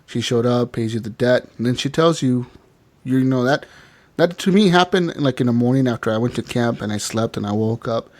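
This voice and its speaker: A man's voice: mid-range voice, fairly quick. A man co-hosting a podcast, recapping a game in casual chat, laughing often and acting out characters as he tells it. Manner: animated storytelling, acts out characters, swears often. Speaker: podcast co-host.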